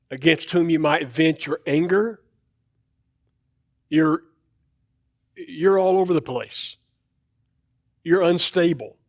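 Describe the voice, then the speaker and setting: High-voiced man preaching conversationally. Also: a little mellow, no echo, clean studio sound. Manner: conversational, repeats words, restarts often. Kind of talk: sermon. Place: church auditorium.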